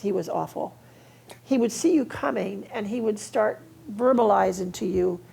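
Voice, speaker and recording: An older woman, a guest in a live onstage conversation, telling relaxed anecdotes and laughing now and then. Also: mid-range voice, creaky, slight background noise. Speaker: interview guest. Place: auditorium before an audience.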